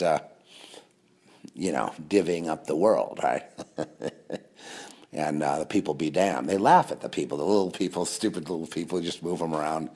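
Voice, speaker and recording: A man's voice: low voice, darkish tone. A man delivering a rambling monologue to camera, sarcastic, with mocking asides. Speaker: conspiracy video host.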